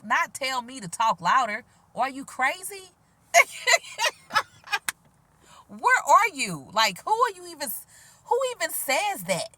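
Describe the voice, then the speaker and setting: A woman vlogging outdoors in a quiet, gentle voice, talking casually with sass and frequent laughs. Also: a little high, no echo. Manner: animated, sassy, laughs often, soft-spoken. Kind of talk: casual spiritual vlog monologue.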